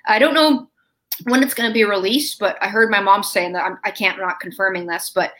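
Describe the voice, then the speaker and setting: A woman being interviewed, telling a family story in a lively, chatty way and acting out the quoted lines. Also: medium pitch, a little fast, rough recording. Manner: animated, acts out quoted dialogue.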